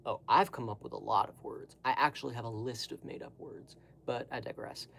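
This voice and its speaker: A man's voice: medium pitch, steady tone, brisk, vocal fry, fairly bright tone, slight background noise. A young man talking casually to the camera, rambling through digressions with lots of fillers and asides. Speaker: vlogger.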